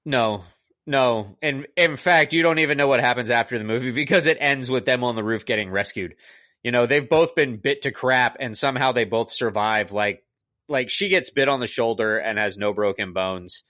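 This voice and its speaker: A podcast co-host reviews a movie by retelling it casually, rambling and sounding exasperated, with lots of "like." His medium-pitched voice is bright and forceful at a normal speed. The studio-quality recording has no echo.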